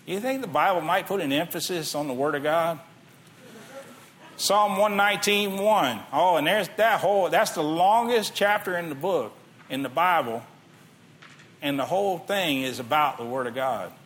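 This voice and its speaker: A man's voice: fairly high pitch, lively intonation, a little slow, fairly bright tone. A middle-aged man preaching a sermon in a conversational way, reading scripture aloud and asking the listeners questions. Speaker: pastor.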